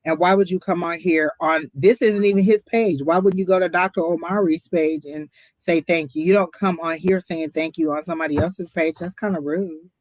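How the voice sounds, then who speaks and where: A woman's voice: lowish voice, fairly even intonation, normal speed, hardly any pauses, darkish tone, no echo. A woman co-hosting a livestream tarot reading, chatty, blunt and outspoken. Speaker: tarot reader and co-host.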